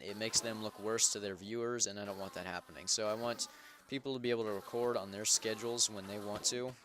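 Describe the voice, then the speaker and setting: A man's voice: lowish voice, a bit bright, slight background noise. A young man hosting a game server, giving casual gameplay commentary in a rambling, self-correcting way. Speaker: Minecraft server host.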